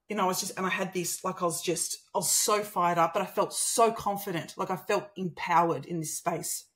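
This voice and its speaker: Lively Australian woman telling her story. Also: lowish voice, brisk, hardly any pauses. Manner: animated, acts out quoted dialogue. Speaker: guest. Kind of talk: personal storytelling in conversation.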